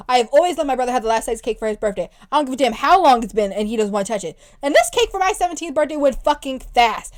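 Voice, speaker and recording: A young woman co-hosting a podcast, telling a story in casual chat with animated, profane ranting. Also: sits high, fast talker, few pauses. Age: young adult. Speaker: podcast co-host.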